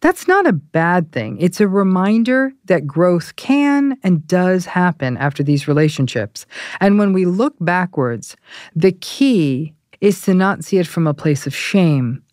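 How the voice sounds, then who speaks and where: A woman with an American accent hosting a podcast interview, speaking slowly and deliberately. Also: fairly low pitch, sing-song, a little mellow, dry recording, clean studio sound. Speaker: podcast host. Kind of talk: podcast interview and scripted outro.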